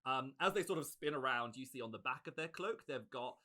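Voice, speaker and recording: Bright-voiced man running a tabletop game. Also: medium pitch, animated, fairly quick. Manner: casual, many ums and likes, laughs often. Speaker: game master.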